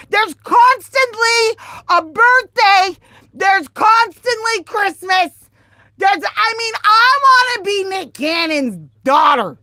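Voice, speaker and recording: A woman telling a story on a casual livestream, animated and profane, swinging from loud outbursts to quiet asides. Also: very high-pitched, no room sound, clean studio sound.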